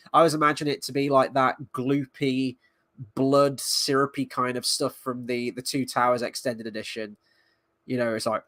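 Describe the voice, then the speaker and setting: A man's voice: mid-range voice, moderate pace, a bit bright, dry recording. Sardonic, sweary man in a dry room. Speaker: show reviewer. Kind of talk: casual spoken review.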